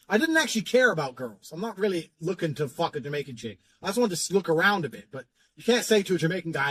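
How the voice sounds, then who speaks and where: A man's voice: a little high, sing-song, very fast, few pauses, a bit bright, breathy edge. A man telling a story in a casual, profane and boastful way.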